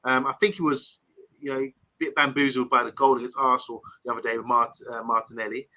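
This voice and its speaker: A man's voice: medium pitch, little pitch movement, fast talker, bright, forceful tone, low-quality recording. A man hosting a casual live stream, reading viewer comments aloud and rambling between topics. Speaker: host.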